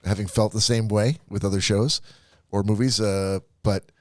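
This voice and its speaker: A man's voice: lowish voice, fairly even intonation, moderate pace, darkish tone, no echo. A man co-hosting a podcast, chatting casually with a wry, teasing manner. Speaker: podcast co-host. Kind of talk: casual chat.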